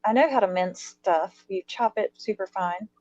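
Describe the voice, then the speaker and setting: A woman from the United States hosting a casual live stream chat, curious and quick to laugh. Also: medium pitch, darkish tone, no echo, highs cut off. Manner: curious, laughs easily, thinks aloud. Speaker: host.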